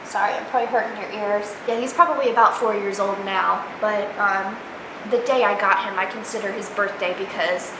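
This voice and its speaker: A young woman gushes chattily about her pet rabbit in a casual pet tag vlog. Her mid-range voice is steady and a little fast, recorded in an echoey room with faint noise.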